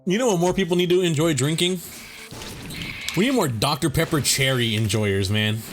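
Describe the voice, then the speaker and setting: Exasperated young man ranting, lively pitch. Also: moderate pace, faint music behind. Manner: exasperated, swearing, slangy, emphatic. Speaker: vlogger. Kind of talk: casual ranting monologue.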